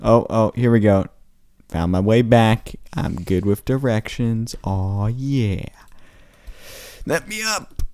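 A man playing a video game and commenting casually, rambling to himself with excitable outbursts. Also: fairly low pitch, takes it slowly, no echo, studio quality. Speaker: gaming channel host. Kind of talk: casual let's play commentary.

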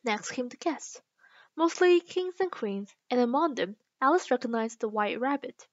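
Woman reader, careful and slow; dry, lo-fi home recording. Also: fairly high pitch, animated, no room sound. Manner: slow, careful reading with small restarts. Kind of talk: reading a children's book aloud.

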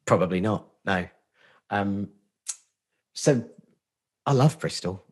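A man's voice: fairly low pitch, lively intonation, slow pace, a little mellow, slightly rough. A middle-aged man with a Portsmouth accent, a podcast guest talking casually in a sweary, self-deprecating, joking way. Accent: Portsmouth English. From Portsmouth, England. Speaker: podcast guest, agency founder. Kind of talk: casual interview chat.

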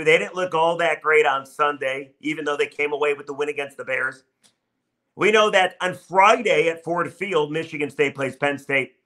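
A man in his thirties talks sports solo on his podcast, chatty and upbeat. His voice sits a little high for a man and has a bright, forceful edge. He leans hard into pitching the show to his listeners. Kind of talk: sports talk monologue.

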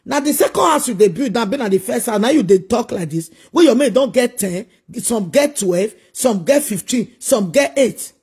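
A man's voice: extremely high pitch, lively intonation, normal speed, hardly any pauses, darkish tone, slightly rough. A man with a Nigerian accent delivering a preachy, scolding monologue full of repeated rhetorical questions. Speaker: social media commentator.

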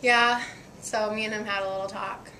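A young woman, a college midfielder, answers interview questions with deadpan jokes and some laughter. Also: medium pitch, moderate pace, a loud crowd. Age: young adult.

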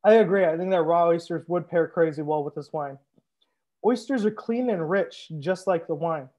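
A young man hosts a casual live wine tasting as a sommelier, relaxed and joking as he answers viewers one by one. His voice sits high for a man. The livestream sound is a bit dull and lo-fi. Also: normal speed. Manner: relaxed, joking, reads viewer comments aloud.

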